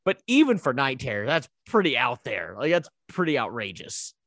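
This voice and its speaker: A man casually recapping a horror movie plot as a podcast co-host, telling it with lively asides. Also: mid-range voice, normal speed, no room sound, studio quality.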